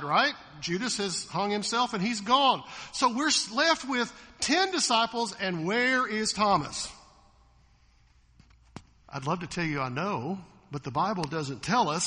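Animated pastor, high lively voice. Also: male voice, long reverb tail. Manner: animated, acts out quoted voices, asks the congregation questions. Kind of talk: sermon. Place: church sanctuary.

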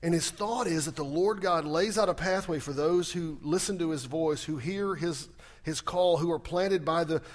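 Man preaching with rhetorical questions, somewhat high. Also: moderate pace. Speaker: pastor. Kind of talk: sermon.

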